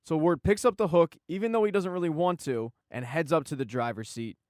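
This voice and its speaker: Male recap host, talks fast and casual, irreverent jokey tone, dry voice. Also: on the high side, darkish tone, no room sound. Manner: irreverent, joking asides. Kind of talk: casual scripted recap narration.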